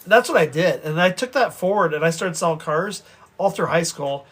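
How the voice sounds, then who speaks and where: Fast-talking, high-voiced man telling stories. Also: husky. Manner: animated, rambling, with many restarts. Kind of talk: casual storytelling to viewers.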